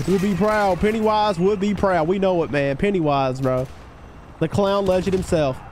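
A man live-streaming a game, chatting casually with his viewers and hyping up shout-outs to chat. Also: slight background noise. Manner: hyped shout-outs to chat, voice jumping high on greetings; laid-back, easygoing talk between shout-outs.

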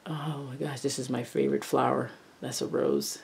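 A woman narrating a casual unboxing, gushing and exclaiming over each item and often dropping into soft murmurs. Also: very deep voice, fairly even intonation, normal speed, gravelly, few pauses, slight background noise. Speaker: craft vlogger unboxing a haul.

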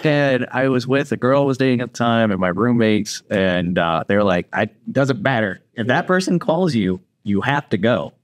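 A podcast guest of medium pitch talks at normal speed with hardly any pauses, in clean, echo-free studio sound. His storytelling is casual and lively, and he acts out the voices of the story's characters.

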